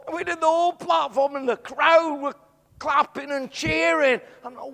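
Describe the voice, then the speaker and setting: A middle-aged man preaching a sermon, telling a story in an animated way that swells into excited shouts. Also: very high-pitched, normal speed. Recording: long hall reverb.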